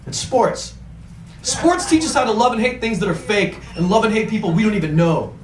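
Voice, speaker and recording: A man performing a stand-up comedy set on a club stage, ranting through punchlines and acting out his friends' voices. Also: high-pitched. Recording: echoey club room with crowd noise.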